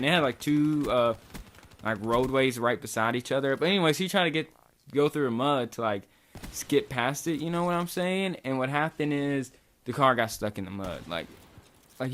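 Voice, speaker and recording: A man's voice: mid-range voice, fairly bright tone. A young man from Kentucky, casually telling a long, rambling story with lots of swearing. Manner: loose, rambling, swears a lot. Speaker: vlogger.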